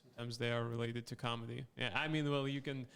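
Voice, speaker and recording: A man's voice: mid-range voice, steady tone, quick pace, fairly bright tone, smooth. A man with a Russian accent hosting a comedy podcast, chatting casually, laughing often and stumbling over restarts. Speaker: podcast host.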